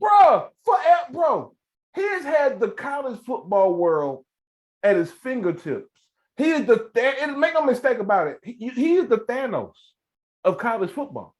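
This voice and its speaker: Over a video call, a male co-host talks sports on a casual podcast, getting heated and emphatic and saying phrases over and over. He speaks at normal speed with an extremely high pitch that swings widely.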